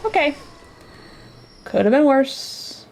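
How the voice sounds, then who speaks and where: A woman's voice: sits high, very animated, takes it slowly, creaky, a little hiss or hum. A woman streamer chatting casually and reacting aloud as she plays a game. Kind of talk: casual let's-play commentary.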